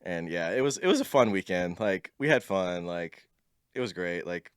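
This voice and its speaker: Laid-back low-voiced man telling stories. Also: lively intonation, moderate pace, clear, resonant tone, no echo, clean studio sound. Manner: laid-back, laughs often, lots of "like". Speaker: podcast guest. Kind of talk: casual storytelling chat.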